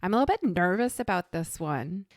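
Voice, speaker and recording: A woman co-hosting a casual chat podcast, easygoing and agreeable, often trailing off softly. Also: fairly low pitch, expressive, a little fast, noisy background. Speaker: podcast co-host.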